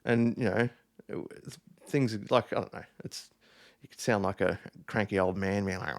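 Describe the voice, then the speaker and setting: A man's voice: fairly low pitch, fairly even intonation, normal speed, creaky. A man, a DJ guest, chatting loosely and swearing freely in a casual conversation. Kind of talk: casual chat.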